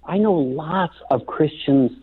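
A man's voice: on the high side, slow, breathy edge. A man joining a radio show by phone as a guest, earnest and reflective, often restarting his sentences. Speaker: call-in guest. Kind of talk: radio interview over the phone. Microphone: telephone. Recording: tinny phone line.

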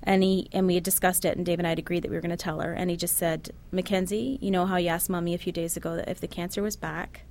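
A middle-aged woman, a guest in an interview, telling a personal story in a soft, halting way with many restarts. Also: fairly low pitch, little pitch movement, a little hiss or hum. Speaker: interview guest, bereaved mother. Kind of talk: personal testimony.

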